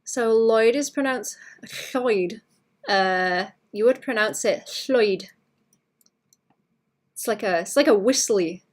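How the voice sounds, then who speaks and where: A woman's voice: on the high side, takes it slowly, pauses often. A woman from Wales chatting casually on a livestream while she draws, thinking aloud with frequent restarts and fillers. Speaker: artist streaming while drawing.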